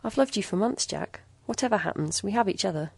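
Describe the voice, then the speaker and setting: A woman's voice: medium pitch, animated, a little fast, vocal fry, darkish tone, breathy edge, dry recording, pitched above the performer's own voice. A woman voicing a frightened, tearful young woman who speaks in an anxious, trembling way. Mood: tender.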